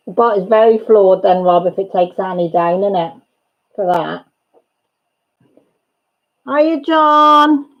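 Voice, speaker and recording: A woman's voice: mid-range voice, takes it slowly, pauses often, lo-fi sound. A woman hosting a livestream, chatting casually and gossipily with viewers and laughing often. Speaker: livestream host. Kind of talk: casual chat with live viewers.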